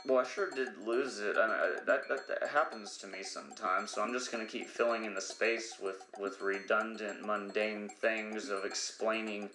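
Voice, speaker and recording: A man's voice: lowish voice, fairly even intonation, normal speed, few pauses, pushed and bright, echoey room, faint music behind. A man hosting a podcast, talking in a rambling, profane comedic monologue who sometimes loses his train of thought. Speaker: podcast host.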